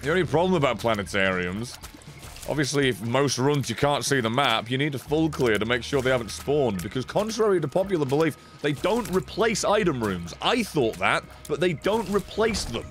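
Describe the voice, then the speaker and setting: A man giving casual live-stream commentary while he plays, excitable, swearing often and reacting loudly as he reads chat. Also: mid-range voice, normal speed, faint music behind. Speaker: game streamer.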